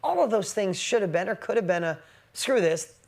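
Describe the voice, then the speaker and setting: A man in his forties giving a motivational business talk, emotional and shifting from loud emphatic bursts to quiet reflection. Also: sits high, animated, fast, vocal fry. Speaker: business speaker.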